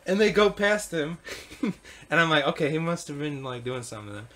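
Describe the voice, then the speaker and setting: Guy rambling thru a story, bright voice, laughs a lot, swears. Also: on the high side, expressive, brisk. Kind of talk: casual chat while gaming.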